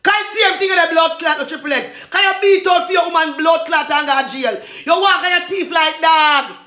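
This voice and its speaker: A Jamaican woman in a loud, repetitive, cursing rant, laughing between insults. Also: very high voice, fairly quick, roomy sound.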